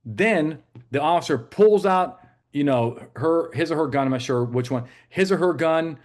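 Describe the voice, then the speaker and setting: A man's voice: fairly high pitch, animated, normal speed, darkish tone. A man teaching police law in a live webinar, conversational and joking, with many fillers and restarts. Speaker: legal trainer for police.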